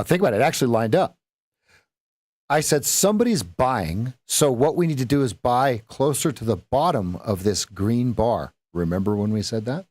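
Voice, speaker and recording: This trading coach has a mid-range, somewhat dark voice, captured in a dry recording. On his stream he talks viewers through live trades in a meandering, self-correcting way, adding playful sound effects to the market commentary.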